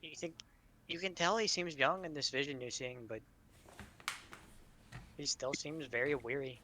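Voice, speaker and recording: Bright-voiced male game master. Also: fairly high pitch, steady tone, moderate pace, slight background noise. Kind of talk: narrating a tabletop game.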